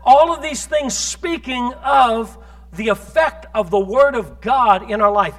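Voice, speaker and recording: A male pastor with a strikingly high voice preaches emphatically in church. He fires off scripture and keeps asking the congregation rhetorical questions. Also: fairly bright tone. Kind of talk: sermon.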